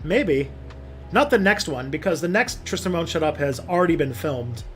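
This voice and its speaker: A man's voice: fairly high pitch, animated, moderate pace, fairly bright tone, faint music behind. A young man hosting a casual livestream, reading viewer comments and rambling with many fillers and restarts. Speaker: livestream host.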